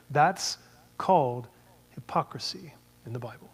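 Conversational male preacher, slightly high voice. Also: very animated, moderate pace, long reverb tail. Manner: conversational, asks many rhetorical questions. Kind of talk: sermon.

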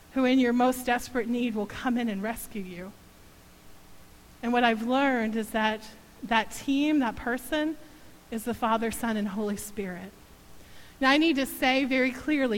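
A high-voiced woman in her thirties shares a heartfelt testimony from a church stage. Her sound carries a long reverberant ring through the hall, and she tells her story with animated warmth of feeling. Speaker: mother giving a testimony. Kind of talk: emotional sermon testimony.

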